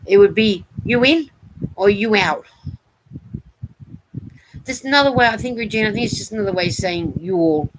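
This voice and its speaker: A woman's voice: medium pitch, moderate pace, pauses often, slight background noise, poor audio. A woman hosting a knitting livestream, casually reading out chat comments, giggly and playful with how words are said.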